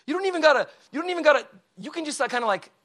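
A man preaching a sermon to a congregation in slangy, conversational talk, swinging from shouts down to hushed words and often asking the crowd questions. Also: very high voice, expressive, very fast. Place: church before a congregation.

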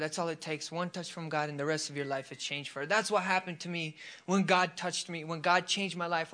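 A man's voice: high-pitched, sharp tone. A man preaching a sermon, telling a testimony in a casual way with fillers before turning fervent. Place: church service.

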